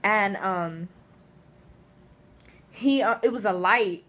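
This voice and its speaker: A woman speaks slowly in a medium pitch, telling funny personal tales to camera in a casual vlog. She giggles a lot and chats in an animated storytelling style.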